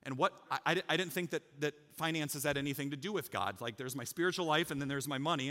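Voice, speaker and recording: A man preaching a sermon as pastor, talking casually with the congregation, joking and rising to loud, emphatic peaks. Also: a little high, fast, in a large hall. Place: church sanctuary.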